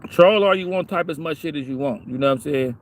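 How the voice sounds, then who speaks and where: A man's voice: fairly high pitch, quick pace. A man in his forties talking straight to camera in a casual, profane rant, repeating "man" and "bro" as he makes his points. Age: 40s. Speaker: vlogger. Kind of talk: casual monologue.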